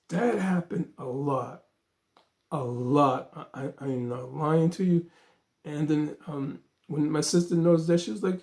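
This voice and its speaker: High, gravelly-voiced man telling a story. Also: moderate pace. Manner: animated, acts out dialogue, frequent fillers. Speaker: vlogger. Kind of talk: casual storytelling.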